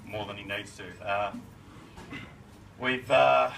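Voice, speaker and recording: At a party in a shed, a middle-aged family friend gives a laid-back birthday speech, chuckling and using lots of slang. His voice is fairly low, steady, slow and creaky. He is far from the mic, and the room is noisy.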